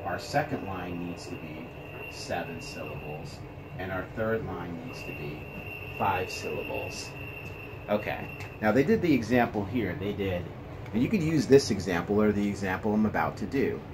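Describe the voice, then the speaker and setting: A deep-voiced man with lively intonation teaches a classroom lesson, speaking slowly and patiently and counting syllables aloud as he addresses his students. He moves around, so his voice sometimes drifts off the mic. The room is indoors near a passing train, with faint room noise behind him.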